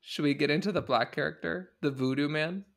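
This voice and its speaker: A man hosting a podcast, telling the story in an animated, sarcastic way in casual comedic chat. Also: a little high, a little fast, gravelly. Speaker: podcast host.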